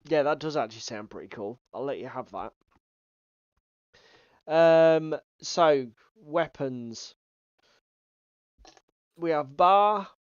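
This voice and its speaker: Slow-talking chatty man, clear dry voice. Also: a little high, lively intonation, dry recording. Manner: chatty, swearing, reads out chat comments. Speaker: podcast co-host. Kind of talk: casual chat. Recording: dull, slightly lo-fi sound.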